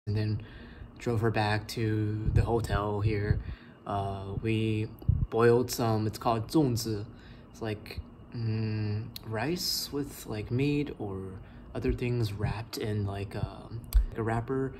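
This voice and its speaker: A young adult man vlogging a personal story, talking in a halting way full of likes and ums. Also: fairly low pitch, a little hiss or hum.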